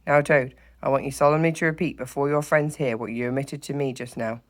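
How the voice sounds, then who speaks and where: A teacher reading aloud, voicing a stern, solemn old male badger who speaks gravely and with authority. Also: medium pitch, steady tone, lightly acted. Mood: formal. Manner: grave, commanding, deliberate. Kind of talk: storybook read-aloud.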